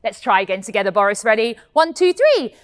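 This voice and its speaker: A bubbly young fairy-tale heroine, played by a woman, leads children through a pantomime vocal warm-up. Her high voice swoops up and down with lively, giggly, sing-song energy. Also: brisk, clean tone. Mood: cheerful. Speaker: pantomime performer teaching children. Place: indoor hall.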